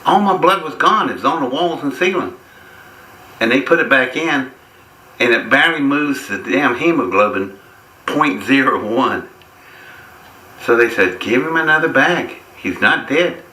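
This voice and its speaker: A man's voice: medium pitch, animated, a little slow, pauses often, pushed and bright, echoey room, rough recording. A man guest in an interview, telling a long personal story in a folksy, wry way and chuckling at his own lines. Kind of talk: casual storytelling.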